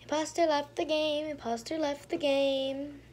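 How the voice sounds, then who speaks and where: A woman's voice: high voice, level tone, a little slow, darkish tone, slight background noise. A young woman casually commentating her own gameplay, sounding exasperated, talking to herself and often trailing off into mumbles. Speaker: gaming streamer.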